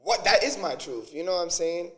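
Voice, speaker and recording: An artist being interviewed, talking in an earnest, halting way with lots of fillers. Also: male voice, sits high, lively intonation, fairly bright tone. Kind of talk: casual interview chat.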